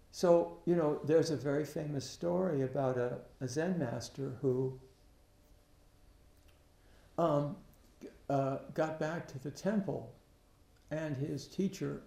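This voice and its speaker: A man giving a Buddhist dharma talk, halting, often restarting his sentences, and asking rhetorical questions. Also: a little high, vocal fry, mellow. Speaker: Buddhist teacher. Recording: echoey room.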